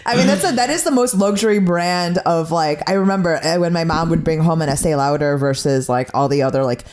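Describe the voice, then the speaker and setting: A woman co-hosting a podcast, answering with quick agreeing remarks and playful teasing. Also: sits low, a little mellow, slight background noise. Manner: reactive, quick agreeing replies and teasing riffs. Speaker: podcast co-host. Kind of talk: casual chat.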